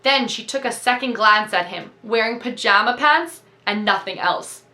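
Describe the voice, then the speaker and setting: Woman storyteller, bright and crisp, reading aloud with steady expression. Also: fairly high pitch, moderate pace, few pauses. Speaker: reader.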